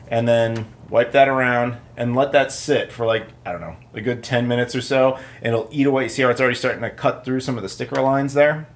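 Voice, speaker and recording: A man's voice: mid-range voice, a little hiss or hum. A man hosting a casual how-to video, talking in a chatty, informal way with lots of asides. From United States. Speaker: YouTube host.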